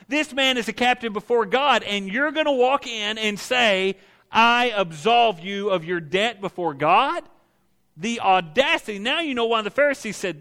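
A man preaching a sermon, animated, acting out voices from the scripture he reads. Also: high-pitched, a little slow. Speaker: pastor.

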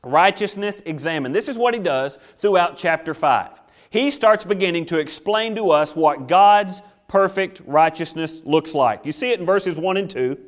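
High-voiced man preaching a sermon. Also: lively intonation, moderate pace. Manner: emphatic, repetitive preaching cadence. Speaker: pastor.

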